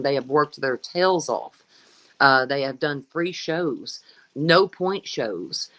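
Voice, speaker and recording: A woman's voice: low-pitched, a bit bright, poor audio. A middle-aged woman dog breeder in a casual interview, talking in a blunt, folksy way and swearing freely.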